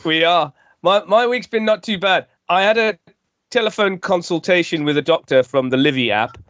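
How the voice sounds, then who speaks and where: A man's voice: sits high, moderate pace, fairly bright tone, no room sound. A man hosting a casual podcast with friends, talking in a put-on game show host manner. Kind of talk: casual chat among friends.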